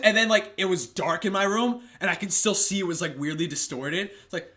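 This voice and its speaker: A man's voice: high-pitched, fairly quick, hardly any pauses. A young man co-hosting a casual podcast, telling stories with lots of swearing and acted-out voices. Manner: animated storytelling, swearing, acting out voices. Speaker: podcast co-host. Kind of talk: casual chat.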